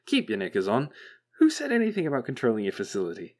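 Man doing a manic male robot, rambling, flippant, bitter, squeaky jumps in pitch, audiobook voice. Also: fast. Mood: manic chatter. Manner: rambling, flippant, lurching up high in excitement. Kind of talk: audiobook character voice.

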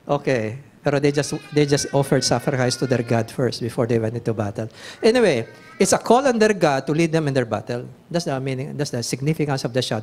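Rich: A male pastor with a Filipino accent delivers a bible teaching sermon in a fairly high voice. He is emphatic, reads scripture aloud and keeps putting questions to his listeners.

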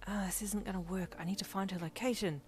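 A woman's voice: mid-range voice, fairly even intonation, quick pace, slight background noise, natural voice. A woman reading the part of an adult male hero, earnest and protective, with anxious, tender lines in a story reading. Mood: urgent.

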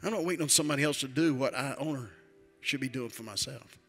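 A man's voice: mid-range voice, fast, fairly bright tone. An older man, a retired pastor, preaching a sermon in a church with emphatic, repetitive declarations.

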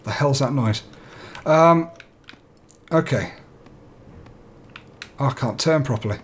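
A young man plays a horror game, talking himself nervously through the fear and swearing now and then as a let's play gamer. His mid-range voice moves slowly, and there's a little hiss or hum in the recording.

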